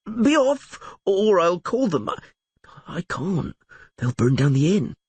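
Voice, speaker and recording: Male reader voicing a nervous tavern keeper, pitched way up, pleading. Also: very animated, slow pace, darkish tone, husky, dry recording, heavily acted. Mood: frightened. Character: frightened male innkeeper, timid and nervous.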